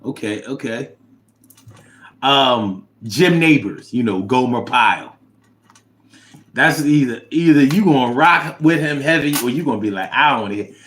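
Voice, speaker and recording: A man hosting a casual livestream, reading viewer comments aloud and reacting with animated, chat. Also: normal speed. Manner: animated, drops to low mumble reading comments.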